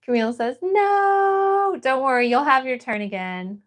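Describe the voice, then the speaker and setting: Hosting a casual livestream, a woman from Florida paints while reading aloud and replying to viewer messages. She has a high-pitched voice and speaks without hurry.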